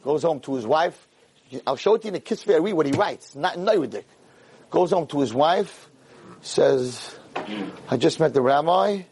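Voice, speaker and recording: A man telling a story in a lecture, animated and acting out the characters' voices. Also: a little high, normal speed, a little hiss or hum.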